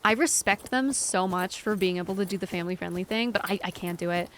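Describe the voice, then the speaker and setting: A woman's voice: mid-range voice, fast, fairly bright tone. Young woman, live game streamer, rambling and giggly, mid-range voice, light background noise. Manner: rambling, giggly, talks to chat. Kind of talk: casual live-stream chatter while gaming.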